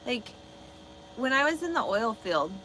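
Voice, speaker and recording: A woman's voice: fairly high pitch, sing-song, measured pace, bright, forceful tone, slight background noise, rough recording. A woman truck driver on a casual livestream, answering her chat bluntly and swearing freely. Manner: blunt, swears a lot, talks back to chat.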